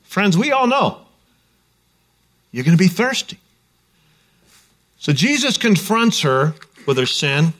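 A man's voice: sits high, sing-song, slow, long pauses, fairly bright tone. A man preaching a sermon in a conversational, joking storytelling way. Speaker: pastor.

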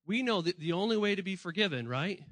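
Bright high-voiced male pastor preaching. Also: animated, fast talker, dry recording, poor audio. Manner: conversational preaching, acting out voices of people he quotes; swings between hushed and emphatic. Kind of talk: sermon.

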